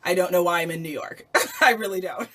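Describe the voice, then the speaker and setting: A woman host giving an energetic motivational talk to her viewers, emphatic and laughing often. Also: lowish voice, fairly quick.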